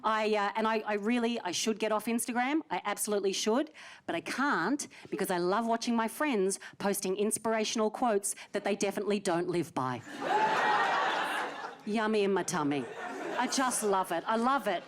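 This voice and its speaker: A stand-up comedian in her early 40s, with a mid-range voice at normal speed, performs live in a theatre and teases an audience member during crowd work. The live recording is noisy, with some chatter in the background.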